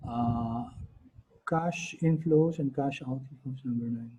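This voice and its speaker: Filipino man teaching, halting and throaty. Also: a little high, sing-song, mellow. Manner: halting, frequent fillers and throat clearing. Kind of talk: online class lecture. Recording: dull lo-fi audio.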